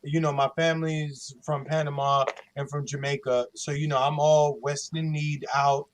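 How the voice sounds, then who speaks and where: A man's voice: on the high side, flat delivery, normal speed. Slangy, laughing man from New York. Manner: loose, slangy, swears and laughs easily. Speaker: guest panelist. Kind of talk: casual panel chat.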